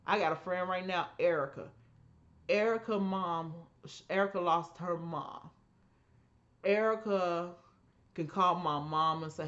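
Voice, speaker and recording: A woman co-hosting a podcast, telling family stories in an emphatic, animated way and acting out the voices she quotes. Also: fairly low pitch, takes it slowly, highs cut off. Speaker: podcast co-host. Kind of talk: casual storytelling chat.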